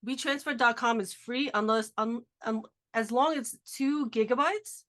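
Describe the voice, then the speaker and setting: Chatty and cheerful, this podcast host talks over a video call from a chilly garage, her voice nasal from a cold. It sits a little high with a fairly bright tone, and she keeps dropping fast asides.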